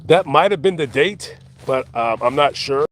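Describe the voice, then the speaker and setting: A man live-streaming outdoors in a cemetery, talking casually and reading viewer comments, with many halting restarts and fillers. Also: fairly high pitch, expressive, a bit bright. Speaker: vlogger reading live chat.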